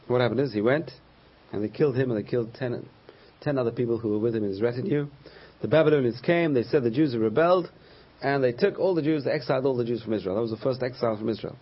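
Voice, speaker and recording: A man's voice: medium pitch, quick pace, slightly rough, lo-fi sound. A man teaching a Torah class as a rabbi, telling stories and acting out the voices of the people in them. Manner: storytelling, acts out quoted voices.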